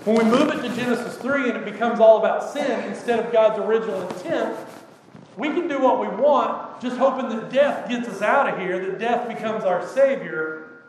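A man's voice: high-pitched, normal speed. A middle-aged man preaching a sermon as pastor, conversational, with frequent rhetorical asides. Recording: echoey hall, distant mic, faint noise.

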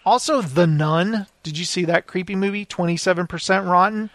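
A man's voice: high-pitched, moderate pace. A man co-hosting a podcast, reading out reviews in a jokey way and laughing often. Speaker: podcast co-host.

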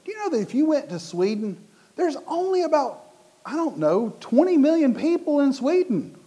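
A man's voice: very high-pitched, normal speed. A middle-aged man from the United States preaching a sermon in a conversational way, acting out the voices of the people in his stories. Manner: animated, acts out quoted voices. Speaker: pastor.

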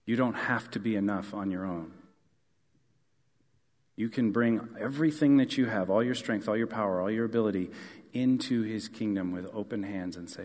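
A man with a lowish voice preaching an earnest sermon. He swells into emphatic questions and then settles back soft and close. His words ring out with the long reverb of a large hall. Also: moderate pace. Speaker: pastor.

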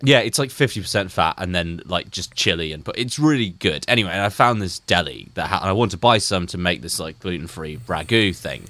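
Low-voiced male co-host, rambling storyteller, casual, dry close sound. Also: expressive, fairly quick, hardly any pauses, pushed and bright, no echo. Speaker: podcast co-host. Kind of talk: casual chat.

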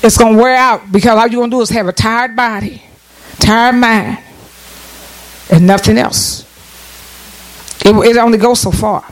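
A man's voice: very high-pitched, normal speed, long pauses, low-quality recording. A man preaching a sermon, calling for amens and praise from the congregation, often restarting his phrases as he builds his point. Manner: animated preaching with call-and-response and frequent restarts.

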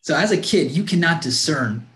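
A man's voice: a little high, expressive, normal speed, a bit bright. A man guest earnestly telling a heartfelt personal story, often restarting his sentences. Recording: roomy echo.

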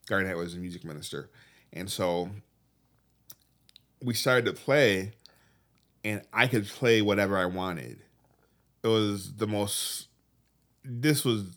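Earnest, halting low-voiced man. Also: a bit bright. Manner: halting, restarts mid-sentence, earnest. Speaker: guest telling his testimony. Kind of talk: emotional personal storytelling.

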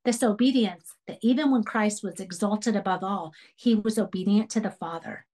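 A woman's voice: medium pitch, moderate pace, dark tone, poor audio. A woman leading a Bible study for a women's group, earnest and emphatic, repeating key phrases as she teaches. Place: church radio program.

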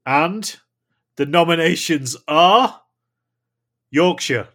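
A man's voice: a little high, expressive, very slow, sharp tone. A man co-hosting a podcast, announcing and teasing in casual banter. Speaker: podcast co-host.

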